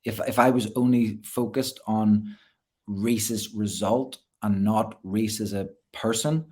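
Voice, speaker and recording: A man's voice: lowish voice, takes it slowly, dark tone, slightly rough. A man, a gymnastics coach, talking earnestly as a guest in a casual interview, often repeating words as he restarts.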